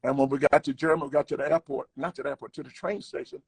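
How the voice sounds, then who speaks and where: Older man telling an animated story. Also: on the high side, rapid-fire, vocal fry, breathy edge, dry recording. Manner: animated storyteller acting out quotes. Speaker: guest comedian. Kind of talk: storytelling in casual conversation.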